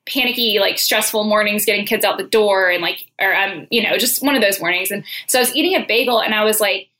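Podcast host, woman, 30s, crisp bright tone, mid pitch, loose and talkative. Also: fast. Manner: chatty, frequent "like", laughs easily. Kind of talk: casual chat.

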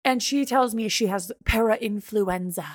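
A woman's voice: mid-range voice, unhurried, no room sound, clean studio sound. A young woman co-hosting a podcast, retelling a story in casual chat and acting out both sides of the quoted dialogue. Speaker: podcast co-host.

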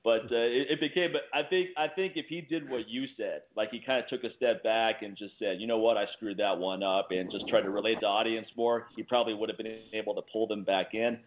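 A man co-hosting a podcast, telling anecdotes in a casual, animated way. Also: lowish voice, fairly quick, few pauses, lo-fi sound. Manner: animated anecdote teller, acts out quotes. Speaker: podcast co-host. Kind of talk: casual podcast chat, storytelling.

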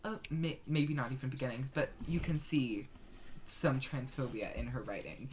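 A young woman chatting casually about books, animated and laughing often, with many fillers. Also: rumbling low, normal speed, slight background noise. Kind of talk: casual book discussion chat.

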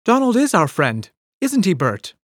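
A man's voice: sits high, wildly swooping pitch, a little slow, fairly bright tone, no room sound, studio quality, pitched above the performer's own voice, heavily acted. A man voicing a cheeky, impulsive young woman in an audiobook, speaking with a raised, bold, pleading tone. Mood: indignant.

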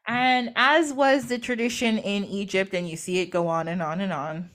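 A woman's voice: medium pitch, fairly even intonation, normal speed, fairly bright tone. A woman hosting a podcast, retelling a myth in a bubbly, giggly, chatty way. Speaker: podcast host. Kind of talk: casual storytelling.

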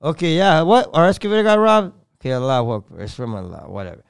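A man with a notably high speaking voice talks as a podcast guest in a dry, close recording. He rambles and swears freely, his delivery rising and sinking with strong feeling as he tells his story. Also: big pitch swings, fast talker, hardly any pauses, smooth, no echo. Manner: rambling, swears often, voice swells and drops with feeling. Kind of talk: emotional conversational storytelling.

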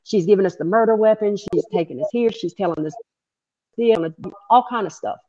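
A woman's voice: mid-range voice, a little fast, a little mellow. Female interview guest, a victim's mother, blunt and profane, on muffled lo-fi audio. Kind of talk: interview, recounting events.

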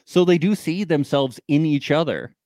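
A man's voice: fairly high pitch, moderate pace, warm tone, no room sound, studio quality. A man co-hosting a podcast, recapping a reality show in casual chat and often joking. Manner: chatty, joking and laughs often. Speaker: podcast co-host.

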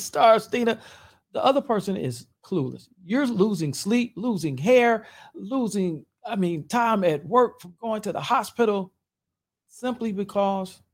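A male pastor talks as a guest in a measured, preacherly manner, and he laughs easily between points. His voice swings widely in pitch, very animated and lively as he teaches. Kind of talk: conversational teaching.

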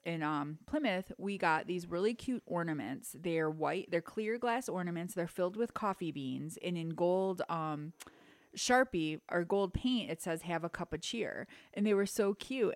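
A woman's voice: on the low side, dry recording. Young woman, podcast co-host, casual storyteller, dry close mic. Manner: chatty storyteller, acts out quotes. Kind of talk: casual chat.

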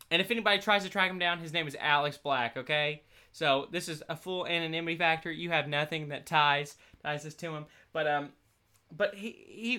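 A man's voice: fairly high pitch, bright, forceful tone. A young man, a college student, telling a casual story in a rambling way, laughing often and restarting his sentences.

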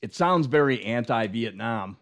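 Lively-pitched man telling movie stories. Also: a little slow. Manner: animated storyteller, quotes movie lines with a laugh. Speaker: podcast co-host. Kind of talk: casual chat.

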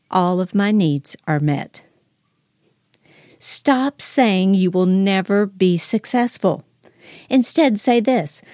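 A woman's voice: mid-range voice, a little mellow, dry recording, studio quality. A woman giving an upbeat, emphatic faith talk as a podcast host, leading listeners in spoken declarations.

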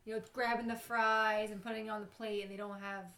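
A woman's voice: medium pitch, flat delivery, brisk, a bit bright, a little hiss or hum. A young woman who works as a bartender, a podcast guest telling stories in casual chat and often laughing as she talks. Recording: roomy echo.

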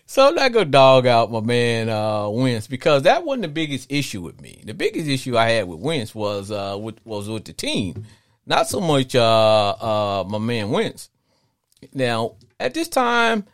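A middle-aged man from Arkansas hosts a call-in sports podcast, rambling animatedly and often restarting his sentences. His pitch is medium, and the studio-quality audio has no echo.

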